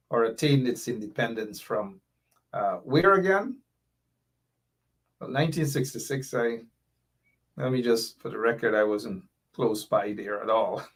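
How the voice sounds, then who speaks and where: A man's voice: medium pitch, slightly rough. Impassioned Guyanese man hosting a livestream. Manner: impassioned, reads viewer comments aloud. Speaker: show host. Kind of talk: political commentary livestream.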